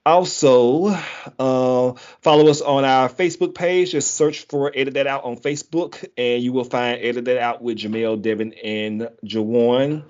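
A man's voice: medium pitch, fairly even intonation, moderate pace, darkish tone. A man hosting a casual podcast, running through lists and chuckling easily. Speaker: podcast host. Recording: dull lo-fi sound.

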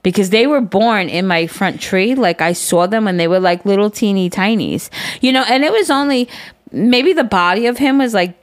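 A woman podcast co-host, telling animated stories in casual chat and swearing often. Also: medium pitch, moderate pace, dry recording. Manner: swears a lot, animated storytelling.

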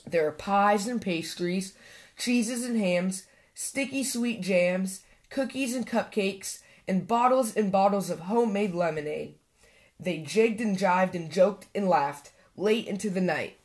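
A woman hosting a children's podcast, reading a storybook aloud in a lively, lilting way. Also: medium pitch, unhurried.

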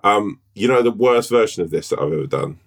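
A man co-hosting a podcast in casual chat, chatty and quick to tell anecdotes, swearing now and then. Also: fairly low pitch, expressive. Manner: chatty, swearing, tells anecdotes with put-on voices. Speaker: podcast co-host.

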